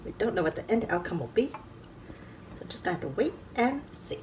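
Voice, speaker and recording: Woman, home cook, casual cooking commentary, chatty, excitable, talks to viewers, noisy recording with clicks. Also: mid-range voice, a little fast. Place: home kitchen. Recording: background noise and clicks.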